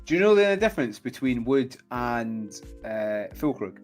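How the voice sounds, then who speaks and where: A man co-hosting a casual fantasy football podcast, full of jokey banter and quick reactions, often laughing. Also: mid-range voice, big pitch swings, soft background music. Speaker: podcast co-host.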